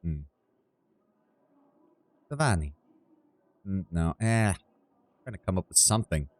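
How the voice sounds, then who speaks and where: Low-voiced self-deprecating male game streamer. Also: lively intonation, takes it slowly. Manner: self-deprecating, thinks aloud with restarts. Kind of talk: casual livestream commentary. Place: his apartment.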